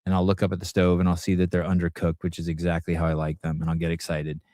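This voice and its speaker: A man's voice: low voice, completely flat delivery, fast talker, dark tone, no echo, studio quality. A middle-aged man hosting a live podcast, telling rambling, profane stories in a casual chat. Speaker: podcast host.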